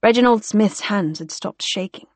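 A woman's voice: medium pitch, moderate pace, darkish tone, no echo. Woman narrating an audiobook. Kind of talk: scripted narration.

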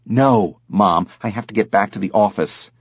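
A man's voice: fairly low pitch, normal speed, breathy edge, no echo, studio quality. A man reading an audiobook, voicing a worried adult son who speaks earnestly and firmly to his mother. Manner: earnest, pleading.

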